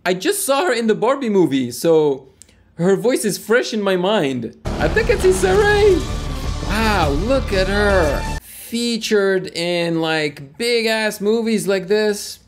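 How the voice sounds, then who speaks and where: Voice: mid-range voice, animated, slow pace. A movie reaction host from Quebec with a Quebec French accent, thinking aloud and exclaiming as they watch. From Quebec, Canada. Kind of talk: casual movie reaction commentary. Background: film soundtrack music.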